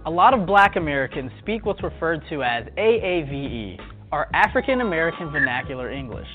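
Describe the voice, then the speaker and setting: A man's voice: fairly high pitch, sing-song, a little fast. A man narrating a scripted documentary segment in a wry, playful way. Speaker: video narrator. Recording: tinny lo-fi clip with faint music.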